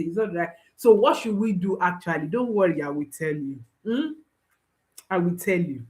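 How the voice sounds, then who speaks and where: A woman's voice: fairly low pitch, expressive, normal speed, darkish tone, low-quality recording. A woman speaking as a parenting coach, giving an instructional talk and repeating key phrases for emphasis while reassuring listeners directly.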